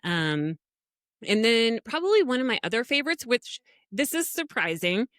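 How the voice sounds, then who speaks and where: Her voice sits on the high side and moves at a moderate pace, recorded dry with studio quality. This middle-aged woman co-hosts a podcast, where she tells lively stories in a casual chat and laughs a lot.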